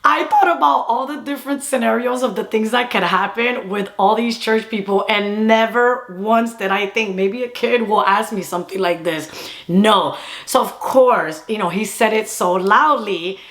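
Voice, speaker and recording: A young woman vlogger telling a funny personal story in a fast, animated way, slipping Spanish phrases into her English. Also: medium pitch. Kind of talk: casual storytime.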